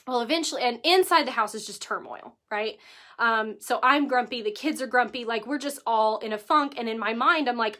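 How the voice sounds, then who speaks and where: A woman in her thirties with a high, bright voice shares a story straight to camera. She is animated and emotional, acting out what people said, then turns earnest as she gives life advice in a casual vlog style. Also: moderate pace. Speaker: vlogger giving life advice.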